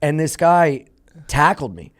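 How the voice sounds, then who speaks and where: Profane, animated male comedian telling a story. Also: fairly high pitch, measured pace. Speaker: comedian guest. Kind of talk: casual storytelling chat.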